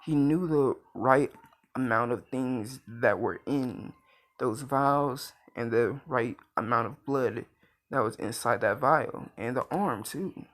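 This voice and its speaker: Slow, rambling young man telling a story. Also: mid-range voice, fairly bright tone. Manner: rambling, lots of filler and self-corrections. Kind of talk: casual fan story narration.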